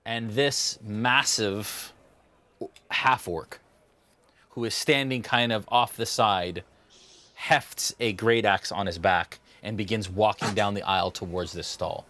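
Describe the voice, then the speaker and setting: A man's voice: on the low side, slow, bright, forceful tone, a little hiss or hum. A man narrating and ruling as dungeon master of a tabletop game, laughing often.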